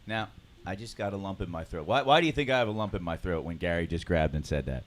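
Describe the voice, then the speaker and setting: A man leading a morning recovery group, talking earnestly and emotionally and clearing his throat often. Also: deep voice, animated, fast. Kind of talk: motivational group talk.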